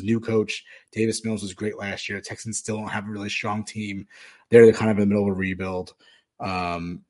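Rambling man talking football bets. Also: on the low side. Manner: rambling, many fillers and restarts. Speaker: podcast host. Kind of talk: casual sports betting talk.

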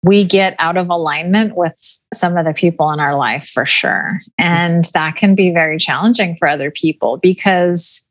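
A woman's voice: fairly low pitch, moderate pace, few pauses. A middle-aged woman talking casually as a guest, chatty and laughing often, full of filler words. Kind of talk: casual podcast conversation.

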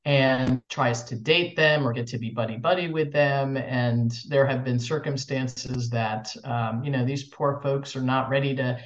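A man's voice: medium pitch, steady tone, unhurried, hardly any pauses. A man explaining something seriously in conversation. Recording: echoey room, dull lo-fi sound.

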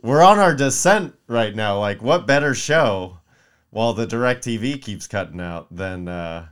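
Low-voiced man telling a rambling story. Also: a little slow, smooth. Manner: animated storytelling with profanity; mimics voices in quotes. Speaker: podcast co-host. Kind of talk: casual chat.

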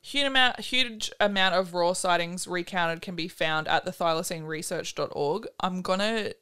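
A woman's voice: fairly low pitch, normal speed, bright, forceful tone, smooth. A woman, co-hosting a podcast in a chatty, giggly, rambling way with lots of fillers. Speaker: podcast co-host. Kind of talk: casual chat.

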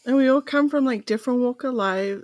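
A woman co-hosting a podcast in casual chat, bubbly and quick to laugh. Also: a little high, dry recording, clean studio sound. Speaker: podcast co-host.

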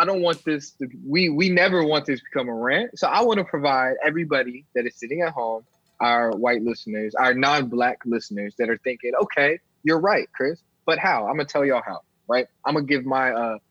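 A man co-hosting a podcast, steering the talk in a measured way and often repeating words as he starts. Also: medium pitch, fairly bright tone, slightly rough, no room sound. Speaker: podcast co-host. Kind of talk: podcast discussion. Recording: dry, dull sound.

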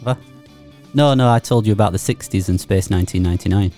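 A man's voice: on the low side, fast talker, dark tone, soft background music. A man co-hosting a casual podcast, easygoing and chatty. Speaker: podcast co-host. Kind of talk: casual chat.

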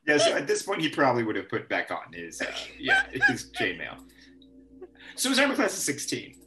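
A man's voice: medium pitch, huge pitch swings, fairly quick, loud music behind the voice. A man playing a tabletop game in a playful manner, acting out his character's actions.

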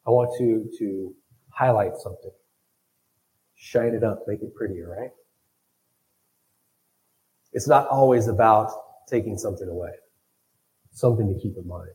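A man's voice: on the low side, moderate pace, long pauses, darkish tone, poor audio. A man preaching a sermon, thinking aloud and often repeating his words as he goes. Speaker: pastor.

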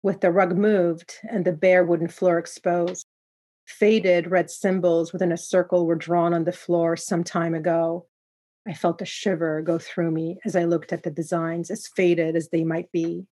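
A woman narrating a first-person story in a calm, measured reading. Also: lowish voice.

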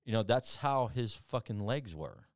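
A podcast guest with a lowish, expressive voice speaks a little slowly, his casual stories wandering, profane, and full of restarts. He acts out anyone he quotes with big vocal jumps. The clean studio recording has no room sound.

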